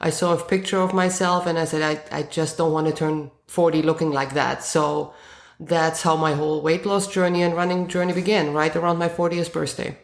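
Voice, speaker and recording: A woman in her forties with a German accent answers questions at an easy pace, pausing on frequent ums and uhs. Her voice sits on the low side, and the room around her rings with noticeable echo. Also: flat delivery. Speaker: guest runner. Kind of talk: interview answers.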